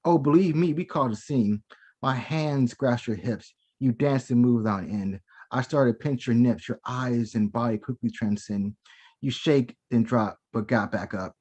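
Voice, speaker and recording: A man reading his spoken-word poetry aloud from home over a video call. His delivery is rhythmic and theatrical, settling into a lower, hushed tone when the verse turns sensual. His pitch sits in an ordinary middle range. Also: normal speed, husky. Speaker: performing poet.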